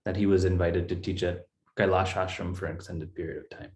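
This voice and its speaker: A man's voice: sits low, steady tone, a little fast, roomy sound. A man teaching a Sanskrit text in an online class, explaining step by step in a patient way.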